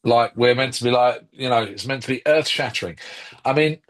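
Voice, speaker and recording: A man's voice: mid-range voice, fairly quick. A man co-hosting a film podcast, chatting casually and rambling with lots of ums and restarts. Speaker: podcast co-host. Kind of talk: casual film review chat.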